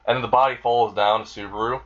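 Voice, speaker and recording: A man's voice: on the low side, fairly even intonation, fast, highs cut off. A young man casually retelling an improvised fan story, rambling with lots of fillers, restarts and swearing.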